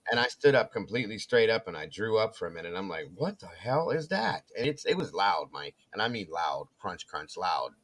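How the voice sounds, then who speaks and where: A man's voice: low-pitched, a little fast, few pauses. A man telling a story in casual chat, acting out the voices of the people in it. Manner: animated storyteller, acts out quoted voices. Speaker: co-host.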